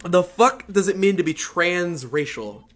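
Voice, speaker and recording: An excitable young man co-hosting a podcast, swearing freely and laughing often. His voice sits slightly high and moves with lively inflection, and faint music plays behind him. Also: measured pace. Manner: profane, excitable, laughs a lot. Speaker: podcast co-host. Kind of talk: crude casual banter.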